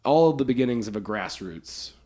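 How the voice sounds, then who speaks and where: A man's voice: mid-range voice, expressive, normal speed, dark tone, no room sound, clean studio sound. A man hosting a comedy podcast, chatting casually and self-correcting often. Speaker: podcast host.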